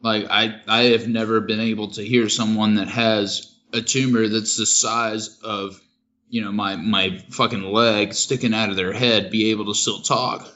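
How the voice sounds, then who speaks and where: A man co-hosting a casual podcast, laid-back and deadpan, swearing casually. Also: on the low side, moderate pace, lo-fi sound. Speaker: podcast co-host.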